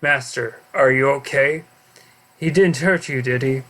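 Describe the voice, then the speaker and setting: A man voicing a cold, scheming male fighter in an amateur story reading, dropping to a low, hushed, flat voice. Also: a little slow, natural voice.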